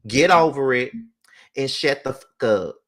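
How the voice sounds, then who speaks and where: A man's voice: medium pitch, animated, unhurried, a bit bright. A man hosting his own vlog, ranting heatedly with plenty of profanity and repetition, speaking from home. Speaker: vlogger host. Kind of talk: casual ranting vlog commentary.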